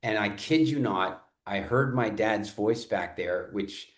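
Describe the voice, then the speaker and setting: Low-voiced man hosting a podcast, roomy sound. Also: unhurried. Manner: earnest, animated storyteller with frequent restarts. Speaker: podcast host. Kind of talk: conversational interview storytelling. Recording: roomy echo.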